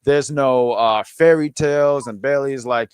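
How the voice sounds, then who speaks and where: A man's voice: medium pitch, moderate pace, smooth, no room sound, studio quality. A man hosting a podcast in casual chat, talking with enthusiasm and many stumbling restarts. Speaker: podcast host.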